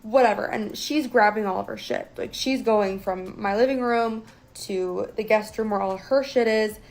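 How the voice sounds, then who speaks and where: A young woman telling a personal story as a guest in a casual, profane, animated way. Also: mid-range voice, moderate pace, low-quality recording.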